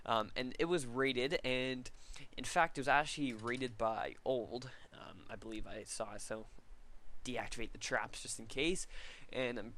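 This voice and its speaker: Young man, gaming commentator, bright tone, rambling casual talk, mid pitch. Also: a little slow, a little hiss or hum. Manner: rambling, laughs at himself, puts on silly voices.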